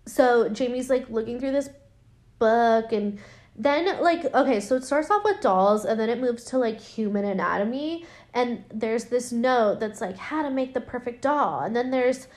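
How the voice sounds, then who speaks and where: A woman's voice: on the high side, lively intonation, a little slow, darkish tone. A woman recapping a film in casual chat, rambling with lots of fillers and swearing, her voice worn and her throat dry. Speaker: podcast host recapping a film.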